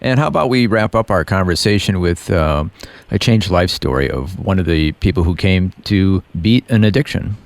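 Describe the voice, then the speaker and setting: A male radio host with a very deep, gravelly voice asks calm questions and offers short murmurs of agreement. His studio sound is dry and close. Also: normal speed, no echo. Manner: calm, brief affirmations while listening. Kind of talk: interviewing on Christian radio.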